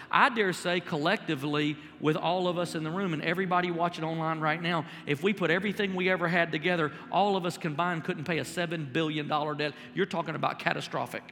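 A man's voice: a little high, a bit bright. A man preaching a sermon to a congregation, addressing the room and building to a fervent, rising delivery. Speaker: pastor. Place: large church hall before a congregation. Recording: live hall reverb with faint music.

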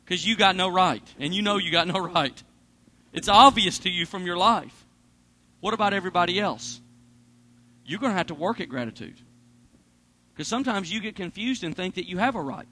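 A man preaching a sermon, animated, swinging between loud bursts and hushed asides. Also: sits high, normal speed, long pauses. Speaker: pastor.

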